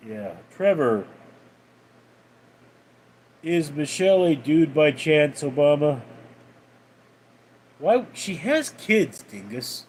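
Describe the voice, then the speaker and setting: A man hosting a casual livestream, reading out viewer messages and replying in a deadpan way. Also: on the high side, breathy edge. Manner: reads out viewer names and messages, deadpan replies. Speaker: livestream host reading chat.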